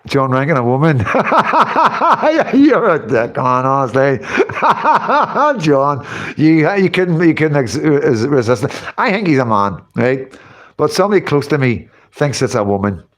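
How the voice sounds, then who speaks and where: A man's voice: mid-range voice, moderate pace. A man, hosting a casual livestream, rambling and chatting as he reads out comments, often breaking into laughter. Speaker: livestream host reading chat.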